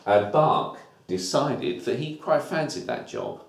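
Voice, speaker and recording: A man's voice: medium pitch, sing-song, slow, vocal fry. A man teaching a music lesson, explaining new terms step by step in an informal way. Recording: echoey room.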